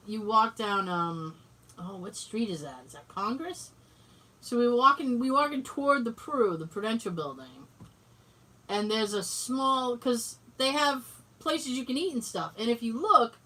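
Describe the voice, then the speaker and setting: Bright-voiced woman telling a story, off-mic. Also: a little high. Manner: acts out quoted dialogue, swears casually. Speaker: podcast co-host. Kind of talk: casual storytelling chat. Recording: voice distant from the mic.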